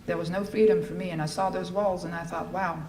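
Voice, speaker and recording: A middle-aged woman giving a personal testimony at a recovery fellowship event, telling her story in a lively way and acting out the lines she quotes. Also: on the low side, quick pace, over a noisy crowd. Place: large event hall. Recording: echoey hall with faint ambience.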